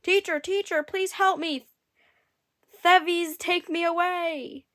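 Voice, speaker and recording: A woman voicing a frightened magical harp that shrieks for help in a high, panicked voice. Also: steady tone, takes it slowly, fairly bright tone, full character voice.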